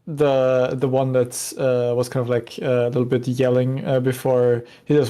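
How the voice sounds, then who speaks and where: Male game master, hesitant, filler-heavy, mid pitch. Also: little pitch movement, normal speed, hardly any pauses, warm tone. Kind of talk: narrating a tabletop game.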